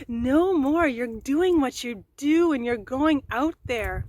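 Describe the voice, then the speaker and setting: A woman host giving a casual tarot reading, excitable and chatty, swearing now and then. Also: a little high, dry recording. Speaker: tarot reader. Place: outdoors in nature.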